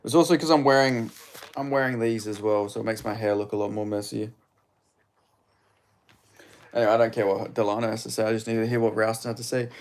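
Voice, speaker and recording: A man's voice: fairly low pitch, steady tone, quick pace, long pauses. A young man hosting a fight watch-along stream, chatting casually, swearing and joking with viewers. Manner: swears often, jokes with chat, laughs a lot. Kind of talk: casual live-stream chat.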